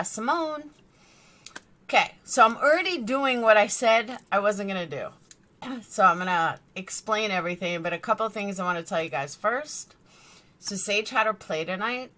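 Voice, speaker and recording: A woman's voice: on the low side, bright, forceful tone. A middle-aged woman hosting a casual live stream from her bedroom, rambling and chatting while greeting viewers by name. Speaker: true crime streamer. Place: bedroom lit by a screen.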